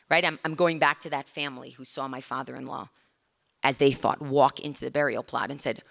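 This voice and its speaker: Animated woman lecturing a room. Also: deep voice, fairly quick, vocal fry. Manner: conversational, asks the audience questions; animated, acts out little scenes. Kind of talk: academic lecture to a live audience.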